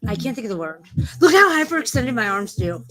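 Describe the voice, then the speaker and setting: A woman's voice: on the high side, big pitch swings, fast, fairly bright tone, soft background music, rough recording. A woman hosting a casual livestream, talking in a profane, rambling and easily distracted way. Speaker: livestream host.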